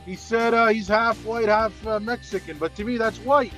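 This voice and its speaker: A man's voice: high-pitched, moderate pace, fairly bright tone, soft background music. A man on a heated livestream discussion, insistent and pushing to get his question in. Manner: insistent, keeps trying to cut in.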